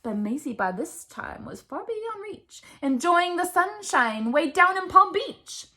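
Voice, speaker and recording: A woman's voice: very high voice, very animated, unhurried, bright, forceful tone. A woman reading a children's picture book aloud in a playful, rhythmic rap style. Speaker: storyteller.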